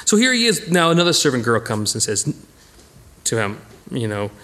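A man teaching a casual Bible study, who talks in a lively way and acts out the people in the story. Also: mid-range voice, moderate pace, long pauses. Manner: animated, acts out voices of the characters.

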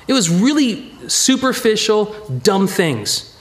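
A middle-aged man preaching a Bible study, his voice pitched high and swinging widely up and down. He talks conversationally and acts out little quotes as he teaches. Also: animated, slow pace, a bit bright. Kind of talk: sermon.

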